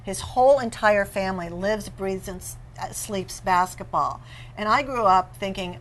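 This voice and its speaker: A woman author, a guest in an interview, telling animated and playful stories about marriage. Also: mid-range voice, normal speed, a little hiss or hum, low-quality recording. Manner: animated storyteller, playful and laughing. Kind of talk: conversational interview.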